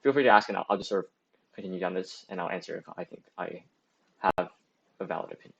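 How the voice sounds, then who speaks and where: A young man in his late teens hosts a student stream, talking loosely and answering chat as he goes. His voice sits on the low side and keeps looping through fillers and self-corrections. The sound is dull and lo-fi, like a cheap streaming mic. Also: fast, vocal fry, slightly rough. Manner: rambling, full of "like" and restarts. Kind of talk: casual livestream talk giving advice.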